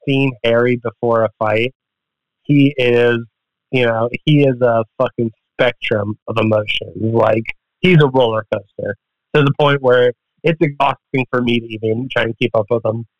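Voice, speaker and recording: A man's voice: mid-range voice, no echo. A man guesting on a podcast, telling a story casually in a rambling, profane way and acting out the quotes. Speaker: podcast guest, MMA fighter. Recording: dull, dry podcast audio.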